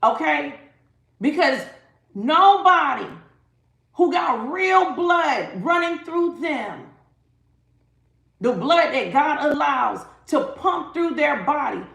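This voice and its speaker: Woman, tarot reader, live stream, slow and dramatic, emphatic, gravelly, echoey room. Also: sits high, fairly bright tone. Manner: dramatic, emphatic, speaks straight to viewers.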